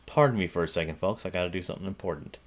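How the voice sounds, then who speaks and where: A man's voice: sits low, rapid-fire, soft background music. A man hosting a casual let's-play, talking in a rambling, hesitant way while he plays. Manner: rambling, hesitant, lots of fillers. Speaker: gaming channel host.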